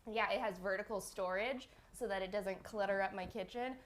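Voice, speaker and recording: A woman co-hosting a live show from a studio, telling stories in a rambling, excitable way. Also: medium pitch, normal speed, slight background noise. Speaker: co-host. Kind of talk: casual live-stream chat.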